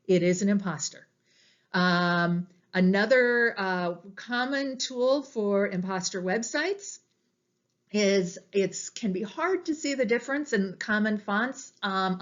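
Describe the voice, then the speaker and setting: A woman's voice: a little high, highs cut off. A woman librarian giving a casual, explanatory class presentation, with frequent ums.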